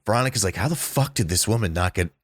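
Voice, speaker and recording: A man with a fairly low voice talks eagerly in a relaxed podcast chat, peppering his talk with "like" and "dude" and the odd swear. The recording is dry and close. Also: quick pace, slightly rough, no echo. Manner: excitable, says "like" and "dude" a lot, swears. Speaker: podcast co-host. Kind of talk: casual chat.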